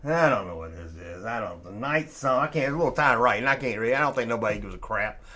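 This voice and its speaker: A man's voice: mid-range voice, lively intonation, quick pace, bright, forceful tone. A man hosting a casual review, talking with snarky grumbling and casual swearing. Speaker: host reviewing old toys. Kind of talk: casual sarcastic commentary.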